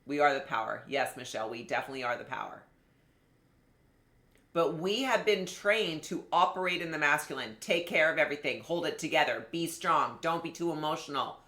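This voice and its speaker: Woman business coach, low and bright voice, lively and conversational, roomy sound. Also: fairly quick. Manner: animated, conversational, addresses viewers directly. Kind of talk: live online masterclass teaching.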